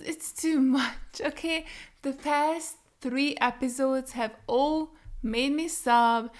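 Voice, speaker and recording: Rambling, emotional young woman vlogger. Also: high-pitched. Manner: rambling, emotional, swears often. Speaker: reaction video host. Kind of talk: casual reaction chat.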